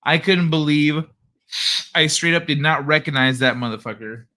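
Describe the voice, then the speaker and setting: A man's voice: a little high, moderate pace, bright, forceful tone. A young man hosting a late-night live stream, chatting casually in a rambling, profane, laid-back way. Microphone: desk microphone he adjusts.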